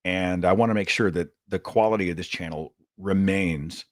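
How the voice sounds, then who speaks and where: A man hosting a call-in show, with a very low, deep voice. He talks casually and loosely, as if chatting with listeners. The sound is dry and close to the mic. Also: normal speed, no echo. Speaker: host.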